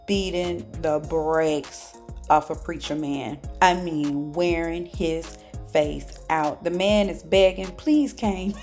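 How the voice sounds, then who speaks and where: A woman's voice: sits low, fairly even intonation, slow pace, darkish tone, faint music behind. A woman reviewing a TV show in a chatty casual recap full of sassy asides.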